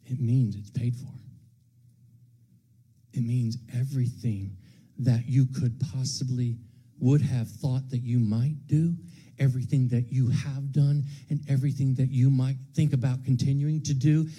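A man preaching an Easter sermon to his congregation, moving from hushed tones to shouts and repeating his words for emphasis. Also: medium pitch, steady tone, unhurried, husky. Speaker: pastor. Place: church sanctuary with congregation.

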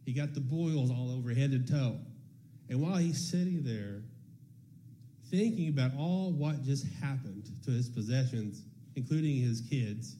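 Dark-voiced man giving a testimony. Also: medium pitch, a little slow, slight background noise. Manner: conversational storytelling, acting out quoted dialogue. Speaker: church member sharing testimony. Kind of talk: personal testimony.

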